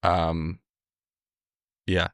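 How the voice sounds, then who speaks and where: A young man with a very deep voice chats casually about sports as a podcast co-host. He talks in an earnest, emphatic way and rambles a bit as he makes his point. The close mic is completely dry. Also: completely flat delivery, extremely slow, fairly bright tone, no echo.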